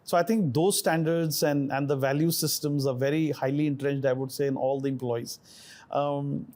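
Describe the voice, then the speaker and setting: A man's voice: on the high side, fairly even intonation, moderate pace, darkish tone. A middle-aged man from India, a chef answering interview questions thoughtfully with many fillers and restarts.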